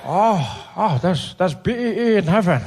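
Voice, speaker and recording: A man impersonating an elderly statesman in a stand-up comedy set, with slow, drawn-out, mumbling exclamations. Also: sits high, expressive, very noisy. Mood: bemused, weary. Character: frail elderly statesman, slow, warm-voiced.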